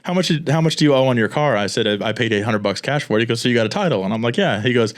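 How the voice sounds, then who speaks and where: A man from Florida hosting a casual podcast, telling stories quickly with frequent laughs. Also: medium pitch, animated. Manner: fast, laughing storyteller. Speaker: podcast host.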